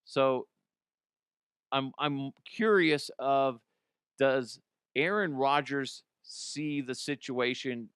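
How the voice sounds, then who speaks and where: A man's voice: mid-range voice, a bit bright, clear, resonant tone, no room sound, clean studio sound. A man hosting a solo sports podcast, ranting bluntly with swearing, often restarting and repeating words. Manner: blunt, opinionated, swears freely. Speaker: podcast host.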